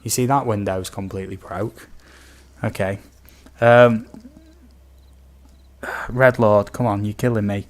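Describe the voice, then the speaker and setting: A young British man with a fairly low voice talks through a late-night game stream. He rambles in a loose, casual way, reading out viewer messages and padding his speech with ums. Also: steady tone, unhurried. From United Kingdom. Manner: rambling, reads out viewer comments with many ums. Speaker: gaming streamer. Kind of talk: casual live-stream chat.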